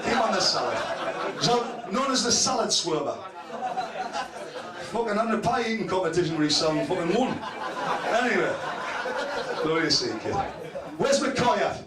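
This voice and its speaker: Man roasting a loud crowd. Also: high-pitched, very animated, normal speed, long pauses. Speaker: compere at a club awards night. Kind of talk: crude roasting banter. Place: club function room with an audience. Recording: echoey room, voice far from the mic. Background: loud crowd laughter.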